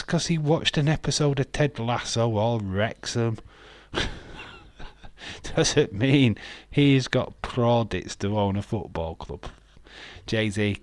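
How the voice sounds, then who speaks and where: Brief: man, low voice, slow easy delivery, sarcastic banter and cursing. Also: dry recording. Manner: jokey, sarcastic, swears freely. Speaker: wrestling watch-along host. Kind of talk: casual live watch-along commentary.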